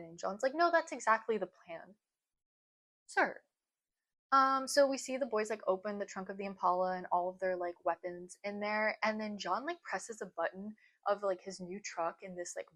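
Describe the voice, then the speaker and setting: A young woman hosting a casual recap video, chatty and full of "like", with quick outbursts of annoyance. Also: medium pitch, fairly bright tone. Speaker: video host recapping a TV series.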